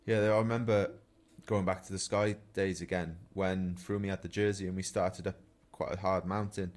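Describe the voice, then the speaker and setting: A man with a fairly low voice chats casually on a podcast, telling stories from professional cycle racing. He speaks in a relaxed, anecdotal way and often chuckles at his own tales. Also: moderate pace. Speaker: professional cyclist, podcast regular.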